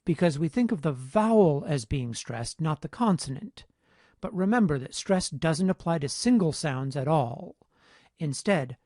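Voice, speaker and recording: A man lecturing on phonetic transcription in a measured, explanatory teaching tone. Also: fairly high pitch, darkish tone, no echo, studio quality. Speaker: linguistics instructor.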